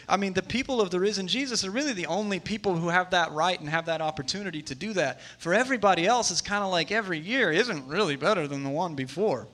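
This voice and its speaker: A man in his thirties preaching a sermon in a conversational way, moving between hushed asides and emphatic stretches. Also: high-pitched, expressive, fast talker, hardly any pauses. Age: 30s. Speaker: pastor.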